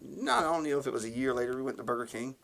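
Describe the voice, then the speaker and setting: A man's voice: medium pitch, lively intonation, racing, creaky, a bit bright, a little hiss or hum. A man co-hosting a casual podcast, telling rambling stories and laughing at them as he goes. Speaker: podcast co-host. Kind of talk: casual storytelling chat.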